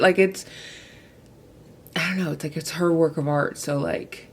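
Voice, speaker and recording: Young woman vlogger, chatty and rambling, lowish voice, echoey room. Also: steady tone, normal speed. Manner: chatty, rambling, heavy use of "like". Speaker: book vlogger. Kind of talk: casual chat to camera.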